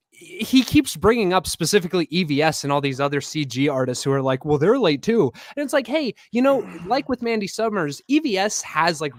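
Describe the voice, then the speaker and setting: A man co-hosting a talk show, chatting in an exasperated, halting way that trails off quietly. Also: a little high, no room sound, studio quality. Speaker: podcast co-host. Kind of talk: casual commentary chat.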